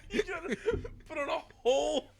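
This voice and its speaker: A man's voice: extremely high pitch, measured pace, vocal fry, background noise. A young man co-hosting a podcast, chatting casually with teasing jabs and telling his own story. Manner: teasing interjections. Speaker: podcast co-host.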